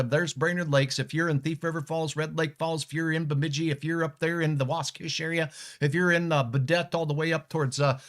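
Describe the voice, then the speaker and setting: A man's voice: fairly high pitch, a bit bright. Chatty man giving a weather forecast. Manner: chatty, joking, answers viewer comments. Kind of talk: casual livestream weather forecast.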